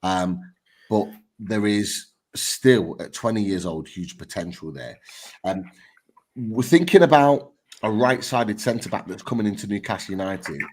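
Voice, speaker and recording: A man's voice: on the low side, measured pace. A man hosting a casual football podcast, chatty and enthusiastic with lots of fillers. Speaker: podcast host.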